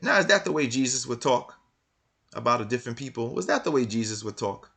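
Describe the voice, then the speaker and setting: A man's voice: medium pitch, lively intonation, brisk, creaky, a bit bright. A man reading passages from a book aloud and commenting on them, hammering his points with repeated rhetorical questions. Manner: argumentative, many restarts. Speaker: religious commentator.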